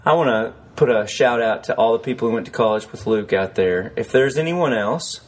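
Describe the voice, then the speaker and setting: A man's voice: medium pitch, brisk. Giggly needling male podcast co-host. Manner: laughing, needling, prone to giggles. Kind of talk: casual banter.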